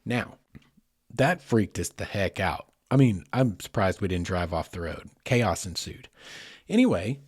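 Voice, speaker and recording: Husky-voiced middle-aged man telling a story. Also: deep voice, moderate pace, dry recording, clean studio sound. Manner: animated, talks to listeners directly. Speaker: podcast host. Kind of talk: casual spoken storytelling.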